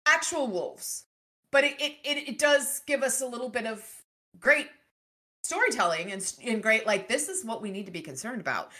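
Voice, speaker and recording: A woman's voice: fairly high pitch, animated, moderate pace, sharp tone. A woman co-hosting a book podcast, chatting casually and reading passages aloud from the novel.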